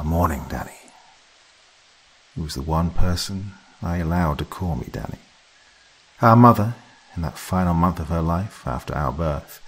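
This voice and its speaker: A man with a very deep, husky voice narrates a horror story. His delivery is measured and softly dramatic, in the manner of a scripted spooky tale. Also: low-quality recording.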